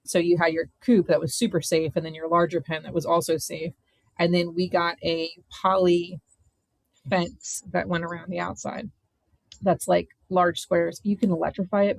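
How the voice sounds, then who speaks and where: A woman in her thirties from Maryland, a podcast guest telling a story in a blunt, animated way and swearing freely. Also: on the low side, gravelly, no echo, poor audio. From Maryland, USA. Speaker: podcast guest, vineyard owner. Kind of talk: casual chat, storytelling.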